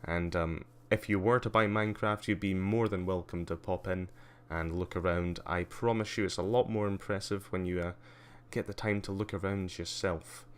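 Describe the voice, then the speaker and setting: Deep-voiced, rambling male livestreamer. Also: fairly even intonation, moderate pace, few pauses, clear, resonant tone. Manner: rambling, many ums and uhs, wry asides. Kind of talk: casual live-stream commentary giving a tour.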